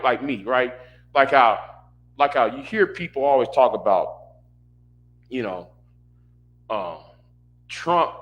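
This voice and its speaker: A man's voice: medium pitch, fairly bright tone. A man in a casual rant, exasperated and repetitive, stumbling over restarts. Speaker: commentator reacting to a panel stream.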